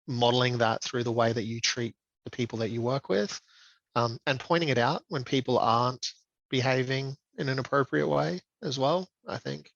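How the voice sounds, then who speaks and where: Gravelly, flat-toned man talking reflectively. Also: medium pitch, dry recording, lo-fi sound. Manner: reflective, measured, with frequent ums. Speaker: guest. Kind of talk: conversational interview.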